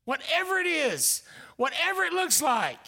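A male pastor delivering a dynamic sermon, swinging between loud exclamations and hushed whispers. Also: very high-pitched, very animated, normal speed, creaky.

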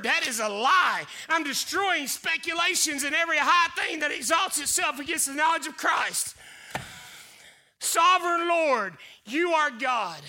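High bright shouting pastor. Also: male voice. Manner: preaching with rising shouted declarations. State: getting out of breath. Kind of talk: sermon.

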